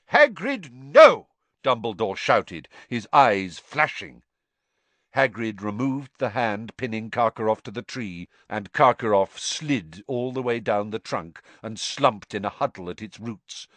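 A man narrating a novel aloud in an expressive storytelling reading. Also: lowish voice, unhurried, no echo. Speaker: audiobook narrator.

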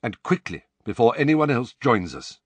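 A man reading an audiobook and voicing an elderly headmaster wizard who speaks in a measured, quiet, authoritative way. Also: mid-range voice, very animated, slightly rough, no echo, pitched above the performer's own voice. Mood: urgent calm. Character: calm, grave elderly male headmaster wizard.

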